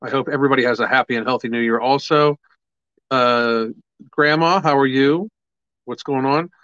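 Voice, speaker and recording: A man's voice: mid-range voice, normal speed, a bit bright, no room sound, highs cut off. A man hosting a casual livestream, chatting loosely with viewers, swearing freely and upbeat about his products. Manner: casual, profane, upbeat, reads viewer comments aloud. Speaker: livestream host.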